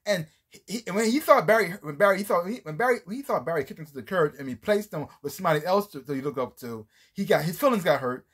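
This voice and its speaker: A man's voice: high-pitched, lively intonation, quick pace, few pauses, a bit bright, husky. A man giving a casual, rambling review of a TV series, often restarting his sentences and acting out scenes as he retells them. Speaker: TV show reviewer.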